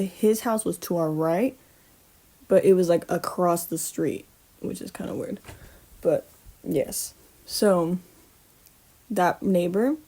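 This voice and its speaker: A woman's voice: on the low side, warm tone. A woman hosting a podcast, casually telling a long story and often stopping to correct herself, with plenty of swearing. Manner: rambling, self-correcting, swears freely. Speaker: podcast host.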